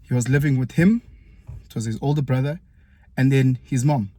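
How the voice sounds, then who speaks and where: Telling a personal story vlog-style, a former teacher with a South African accent from KwaZulu-Natal stays lively, his voice springing up in pitch when he mimics people. He keeps a moderate pace, and the recording is dry.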